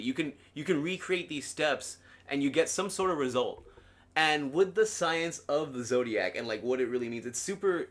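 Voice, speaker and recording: Bright-voiced, chatty male streamer. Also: mid-range voice. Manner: chatty and giggly, talks to chat and his dog. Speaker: streamer reading a book aloud. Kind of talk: casual live-stream chat and book reading.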